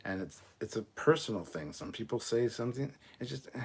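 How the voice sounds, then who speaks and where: Deep-voiced man, casual and profane. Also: animated, brisk, hardly any pauses, slightly rough. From Canada. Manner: casual, swears often, laughs between remarks. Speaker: livestream host reading chat. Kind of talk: casual livestream chat.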